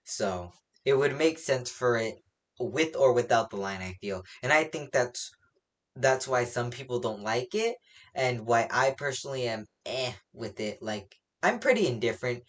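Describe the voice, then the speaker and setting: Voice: medium pitch, expressive, normal speed. Rambling comic chapter reviewer. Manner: rambling, many fillers, laughs at own slips. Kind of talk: casual spoken recap and opinion.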